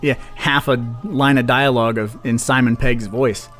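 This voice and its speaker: A man's voice: mid-range voice, fairly even intonation, normal speed, fairly bright tone. Man, mid-range voice, blunt casual podcast talk, faint music underneath. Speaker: podcast co-host. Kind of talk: casual film chat.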